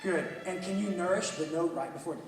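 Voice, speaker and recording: A man coaching a student orchestra, energetic and encouraging, with quick bursts of praise. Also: high-pitched. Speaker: orchestra clinician. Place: large hall with an orchestra. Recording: echoey hall from far off, orchestra music.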